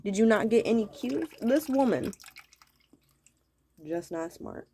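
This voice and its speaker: A woman's voice: a little high, lively intonation, measured pace, warm tone, a little hiss or hum. A woman telling a story to her viewers as an angry rant, swearing constantly and repeating herself. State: irritated. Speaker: vlogger.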